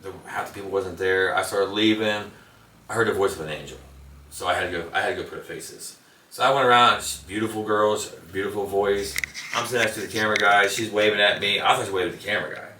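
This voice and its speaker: A man's voice: on the low side, fast talker, pushed and bright, slight background noise. A man as an interview guest, telling rambling anecdotes in casual conversation. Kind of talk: casual storytelling. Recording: echoey room, mic at a distance.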